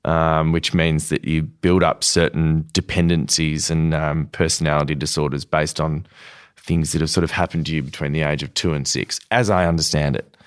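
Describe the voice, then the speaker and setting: An Australian man in his thirties, telling his story frankly in a relaxed conversational way as a podcast guest. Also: extremely low pitch, moderate pace, clear, resonant tone. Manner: relaxed, frank, laughs while telling stories.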